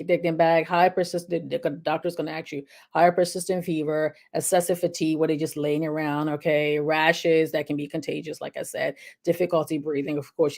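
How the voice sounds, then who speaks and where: Chatty middle-aged woman, slightly low voice. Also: gravelly, darkish tone. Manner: chatty, repeats "okay?" to check in with viewers. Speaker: health video host. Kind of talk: casual advice talk.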